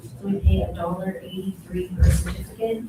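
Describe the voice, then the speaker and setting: A woman's voice: medium pitch, steady tone, moderate pace, noisy background. A woman, the county clerk, plainly walking commissioners through her budget. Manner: plainspoken, matter-of-fact, self-correcting. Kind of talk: budget presentation at a public meeting. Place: county meeting room. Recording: very echoey room from a distant mic.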